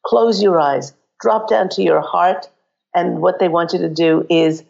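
A woman with a croaky voice giving psychic readings on a call-in radio show, earnestly guiding listeners through exercises. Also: on the low side, measured pace, darkish tone, muffled recording.

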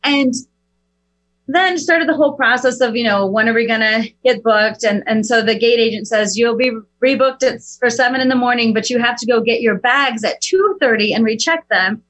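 A middle-aged woman telling a personal story as a guest, animated and talking with big leaps in pitch. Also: normal speed, rough recording. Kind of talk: casual storytelling.

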